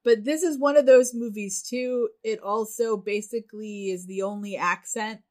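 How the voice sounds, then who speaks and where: A woman co-hosting a podcast in casual chat, enthusiastic and quick to laugh. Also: medium pitch, steady tone, darkish tone. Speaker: podcast co-host.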